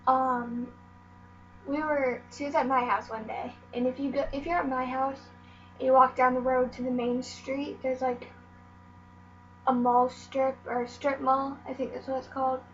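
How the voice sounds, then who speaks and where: A woman's voice: sits high, level tone, normal speed. A teenage girl vlogger telling stories from her life in a rambling, meandering way, full of "like" and "um". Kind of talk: casual storytelling vlog. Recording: dull lo-fi audio with faint mains hum.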